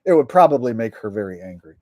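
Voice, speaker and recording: Mellow-voiced man chatting on a livestream. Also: mid-range voice, big pitch swings, fast, dry recording. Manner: rambling, joking, chatty. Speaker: comedian and streamer. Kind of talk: casual livestream chat reading viewer messages.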